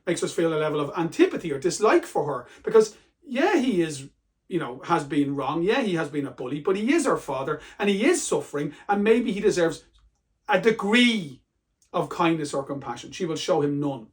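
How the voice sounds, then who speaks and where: Male literature teacher, high voice, chatty and emphatic exam-prep delivery. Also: sing-song, normal speed. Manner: conversational, emphatic, reads quotes aloud with feeling.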